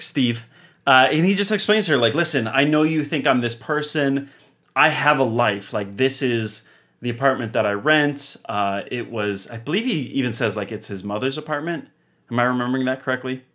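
A young man co-hosting a podcast, casually recapping a TV episode with lively, laughing storytelling. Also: mid-range voice. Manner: animated storyteller, laughs often. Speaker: podcast co-host.

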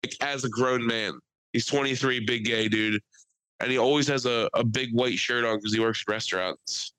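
A young man co-hosting a podcast in casual chat, an animated, rambling storyteller who swears freely. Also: medium pitch, normal speed, clear, resonant tone, no room sound, low-quality recording. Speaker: podcast co-host.

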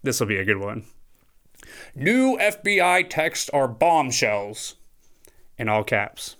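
A man's voice: medium pitch, slow pace. A man hosting a podcast in a loose, jokey rant, swearing freely and getting worked up. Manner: animated, profane, jokey. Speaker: podcast host. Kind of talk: casual comedic rant.

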